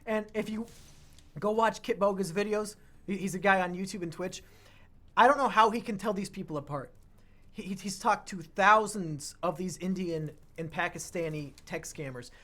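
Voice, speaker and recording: A man co-hosting a casual podcast chat, talking fast and joking, often breaking into laughter. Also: sits high, a bit bright. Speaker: podcast co-host.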